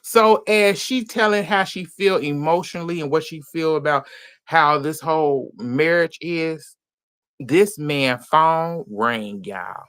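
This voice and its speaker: A man retelling a reality show episode in a casual, animated, gossipy way, laughing often. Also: on the high side, takes it slowly, clear, resonant tone, no echo, clean studio sound.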